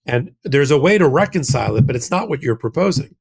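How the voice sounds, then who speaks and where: A man's voice: mid-range voice, expressive, fast, creaky, darkish tone, slightly rough. An American man co-hosting a legal discussion show, explaining in a casual, emphatic way with rhetorical asides. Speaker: legal commentator, co-host.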